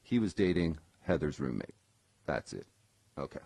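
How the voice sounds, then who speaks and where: A man with a very low voice tells a personal story in a loose, casual way. He rambles, fills pauses with ums, and corrects himself as he goes. The sound is dry and close. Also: very animated, gravelly, a little mellow, slightly rough, no room sound. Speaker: former session guitarist telling a personal story. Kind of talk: casual live-streamed storytelling.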